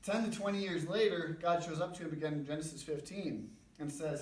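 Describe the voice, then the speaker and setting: A young man with a slightly high, steady voice speaks briskly, giving an informal, conversational sermon at a church men's breakfast and poking fun at himself. The church gathering room recording sounds roomy, with a distant mic and faint background noise.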